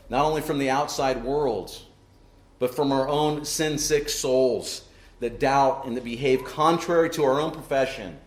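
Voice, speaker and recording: A man's voice: medium pitch, a little hiss or hum. Man preaching in an echoey church. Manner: earnest preaching, rhetorical "right?" asides. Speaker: pastor. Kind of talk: sermon.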